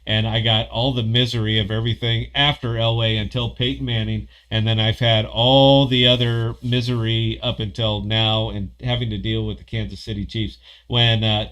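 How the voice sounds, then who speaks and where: A man hosting a casual livestream podcast, rambling, profane and excitable as he talks. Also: mid-range voice. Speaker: podcast host.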